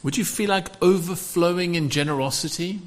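A man preaching a sermon, asking the congregation rhetorical questions in an animated way. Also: sits high, a little fast.

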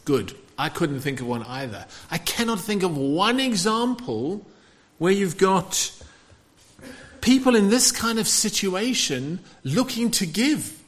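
A man preaching a sermon, asking the congregation rhetorical questions in an animated way. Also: sits high, slow pace.

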